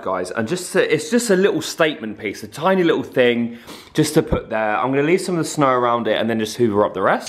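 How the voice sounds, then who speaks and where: A young man filming a casual vlog in his flat, gushing and excitable as he talks to viewers. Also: fairly high pitch, distant mic. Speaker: vlogger. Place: flat, indoors. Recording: echoey room.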